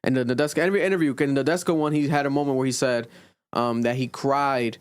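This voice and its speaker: A man co-hosting a casual podcast, thinking aloud with restarts and rising in pitch when he makes a point. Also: steady tone, fast talker, clean tone, no echo. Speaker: podcast co-host.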